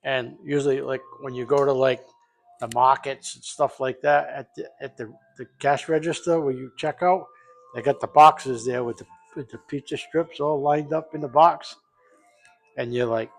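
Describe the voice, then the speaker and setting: A man's voice: medium pitch, steady tone, normal speed, creaky, faint music behind. A middle-aged man from Rhode Island, rambling loosely and swearing as he makes a recipe in his home kitchen. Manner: rambling, profane, loose and jokey. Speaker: home cook vlogger. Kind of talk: casual cooking vlog.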